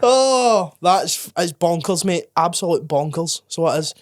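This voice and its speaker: A man's voice: a little high, expressive, no echo, studio quality. A man with a Scottish accent co-hosting a podcast, bantering and swearing with his mate in casual chat. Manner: banterish, sweary, quick to laugh, says mate and aye. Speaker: podcast co-host.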